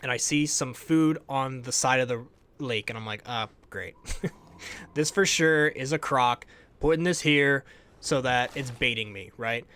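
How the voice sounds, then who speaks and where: A young man telling a lively, casual recap of a survival game as a YouTuber, often laughing and letting his phrases trail off quietly. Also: medium pitch, unhurried, clear, resonant tone. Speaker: gaming YouTuber.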